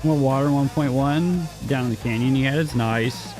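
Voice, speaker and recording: A man's voice: mid-range voice, normal speed, music in the background. A man streaming a strategy game, chatting casually and answering his chat, often repeating words as he talks. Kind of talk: casual gaming commentary, reading chat.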